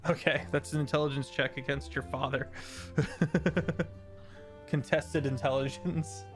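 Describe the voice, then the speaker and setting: A man narrating a tabletop game as game master, unhurried and full of fillers. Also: fairly high pitch, steady tone, soft background music. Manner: unhurried, hesitant with many fillers.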